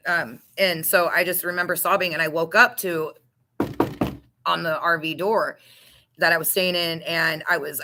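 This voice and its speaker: A woman sharing her recovery story in a raw, unpolished way, stumbling over words and cursing freely. Her voice has a bright, forceful edge that cuts through as she tells it. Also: lowish voice, vocal fry, poor audio. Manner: emotional, candid, with restarts and swearing. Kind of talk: personal testimony.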